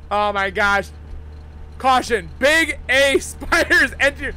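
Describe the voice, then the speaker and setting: A man's voice: extremely high pitch, lively intonation, slow pace, pushed and bright. Panicky, screaming gaming YouTuber man. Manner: jumpy, panicky, screams and rambles. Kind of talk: live gameplay commentary.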